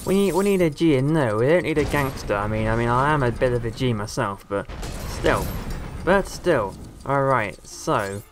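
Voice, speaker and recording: A man giving casual, excitable let's-play commentary with a joking tone, often addressing viewers as guys. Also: mid-range voice, normal speed, noisy background. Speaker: gameplay commentator.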